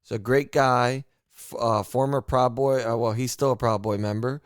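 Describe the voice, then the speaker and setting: Male podcast host from Miami, mid-pitched, unfiltered and profane, smooth resonant tone, dry sound. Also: fairly even intonation, normal speed, no room sound. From Miami, United States. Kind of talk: casual political podcast talk.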